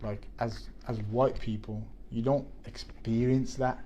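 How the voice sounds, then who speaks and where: A man's voice: medium pitch, steady tone, measured pace, mellow, lo-fi sound. A man, chatting on a podcast and telling a story with many restarts. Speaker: podcast co-host. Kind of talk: casual chat.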